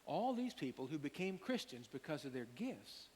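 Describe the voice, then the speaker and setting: An older man preaching a sermon as pastor, an animated storyteller who acts out the quotes. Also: on the high side, moderate pace. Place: church sanctuary. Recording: long hall reverb, faint hiss.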